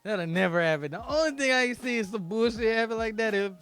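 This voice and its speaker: A young adult man co-hosting a podcast in casual chat, excitable and animated, often talking over his partner. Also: sits high, fast talker, clear, resonant tone, faint music behind. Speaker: podcast co-host.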